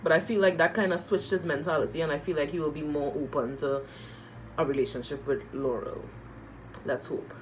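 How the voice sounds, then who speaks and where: A woman reviewing a reality TV episode in casual chat, animated and emotional, repeating phrases and using slang. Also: low voice, a little fast, a little hiss or hum, low-quality recording. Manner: moved and emotional while talking.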